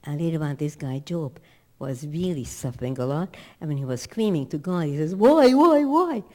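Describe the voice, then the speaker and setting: Woman, Torah teacher, low mellow voice, dramatic storytelling, rhetorical questions. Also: brisk. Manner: emphatic, rhetorical questions, acts out quotes.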